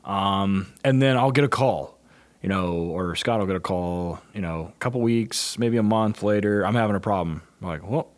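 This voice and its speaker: A middle-aged man with a somewhat low voice talks in loose, casual chat. He is blunt and profane, and he tells stories with animated energy. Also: normal speed. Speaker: police dog handler trainer.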